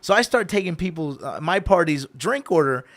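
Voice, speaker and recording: Animated storytelling man, slightly high voice. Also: a little fast. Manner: animated, acts out quoted voices, switches between English and Spanish. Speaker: radio host. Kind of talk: casual storytelling.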